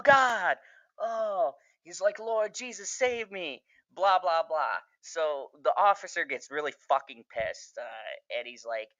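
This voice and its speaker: A man with a bright, forceful voice rambles through a TV recap, swearing freely and getting worked up. The sound is dry and slightly dull, like a lo-fi home recording. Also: mid-range voice, no room sound. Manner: profane, excitable, rambling. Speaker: TV reviewer. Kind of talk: casual recap review.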